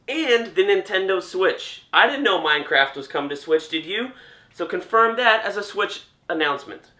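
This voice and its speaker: A young man runs through a list of game announcements in a loose, joking way, his voice bright and slightly high for a man. The room around him rings with a noticeable echo. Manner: chatty, jokey, trailing off with restarts. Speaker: gaming commentator. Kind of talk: casual reaction commentary. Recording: roomy echo.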